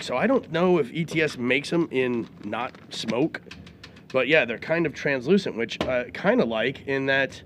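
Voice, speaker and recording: A man's voice: mid-range voice, fairly bright tone, slight background noise. Easygoing male co-host with a mid-range voice who tells rambling stories. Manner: easygoing, meandering storyteller with fillers. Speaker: podcast co-host. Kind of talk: casual chat.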